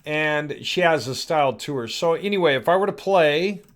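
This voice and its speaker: A man with a slightly higher voice than most men talks through a software demo in a loose, off-the-cuff way. He rambles and thinks aloud as he goes. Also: lively intonation, moderate pace. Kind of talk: casual screen-recorded product demo.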